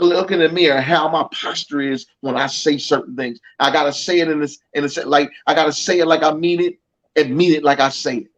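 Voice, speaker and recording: A man's voice: on the high side, fairly bright tone, rough recording. A middle-aged male coach speaking in an interview, emphatic and repetitive with a preacher-like cadence and many restarts. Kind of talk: motivational interview talk.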